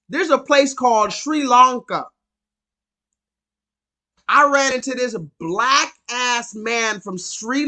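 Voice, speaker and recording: A man's voice: very high-pitched, sharp tone. A man hosting a live call-in stream, ranting and telling a story with emphatic, profane repetition.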